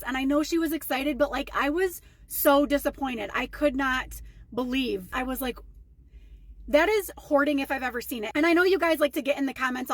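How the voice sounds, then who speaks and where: A woman's voice: high voice, dry recording. A young woman telling a casual storytime rant to her followers, chatty and indignant. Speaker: storytime vlogger.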